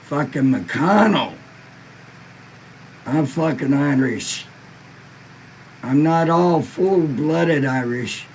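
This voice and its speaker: A man's voice: a little high, animated, drawn-out words, long pauses, a little hiss or hum, low-quality recording. A laid-back man hosting a live-stream podcast, stoned and in pain, reading viewer comments in a rambling, profane way. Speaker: livestream podcast host.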